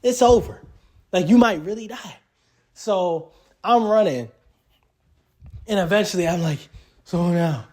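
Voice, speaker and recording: A young adult man with a notably high-pitched voice tells a personal story in a loose, casual way. He rambles, circling back with constant fillers and restarts. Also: a little slow, pauses often, darkish tone. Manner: rambling, full of fillers like "like" and "literally".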